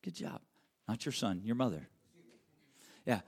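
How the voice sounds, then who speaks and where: A man's voice: mid-range voice, very animated, fairly quick, long pauses, fairly bright tone. A male pastor preaching a sermon, emphatic and repetitive, calling on listeners by name. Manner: emphatic, repeats phrases, calls on listeners by name.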